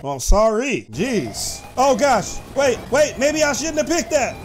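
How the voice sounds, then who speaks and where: A man hosting excited gameplay commentary, talking to his viewers and shouting when the action peaks. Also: extremely high pitch, slow pace, slight background noise. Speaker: gaming host.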